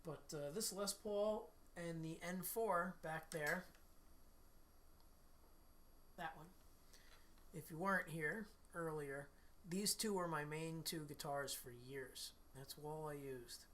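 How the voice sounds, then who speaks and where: A middle-aged man, slightly hoarse from losing his voice, hosts a livestream and chats in a relaxed, rambling way with viewers between guitar playing. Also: fairly high pitch, takes it slowly, a little hiss or hum. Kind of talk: casual chat with live viewers.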